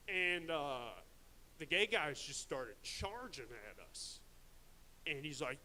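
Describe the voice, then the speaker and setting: Young guy doing a rough stand-up set at an open mic, crude and rambly, kinda high voice. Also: animated, unhurried, bright, forceful tone, poor audio. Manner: crude, rambling, self-mocking delivery. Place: live open mic venue.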